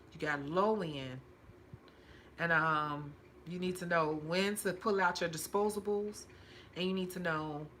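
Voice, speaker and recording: A woman's voice: fairly low pitch, bright, forceful tone, slight background noise. A woman from hosting a casual livestream as a nail technician, chatty and emphatic, repeating her points and laughing often.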